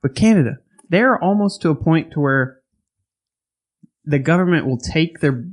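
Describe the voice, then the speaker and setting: A man hosts a casual podcast chat and cracks jokes as he tells his stories. His voice sits a little high for a man. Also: lively intonation, moderate pace. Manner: joking, wisecracking.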